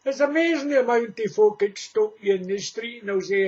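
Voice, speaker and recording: A man's voice: sits high, normal speed, hardly any pauses, a little mellow. A Scottish man in his sixties chatting to camera in a casual vlog, joking and laughing at his own jokes. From Scotland. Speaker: vlogger. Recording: dull lo-fi home recording.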